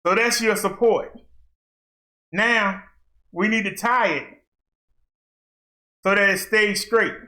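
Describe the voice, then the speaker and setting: A man's voice: high-pitched, steady tone, slow, pauses often, sharp tone. A man vlogging casually, chatting straight to his viewers and laughing often as he works. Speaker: fitness vlogger. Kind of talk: casual talk to viewers while working. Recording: echoey room.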